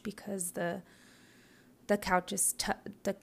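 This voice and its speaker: A young woman telling a personal story in a halting way, full of fillers and often dropping into a whisper, tearful. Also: medium pitch, little pitch movement, vocal fry, a little mellow. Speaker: mother recounting a loss.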